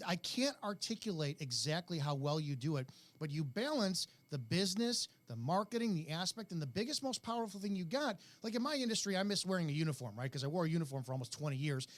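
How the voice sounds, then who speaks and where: A man's voice: a little high, expressive, quick pace, hardly any pauses. A middle-aged man hosting an interview, talking bluntly in long rambling turns. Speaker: host. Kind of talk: interview, casual chat.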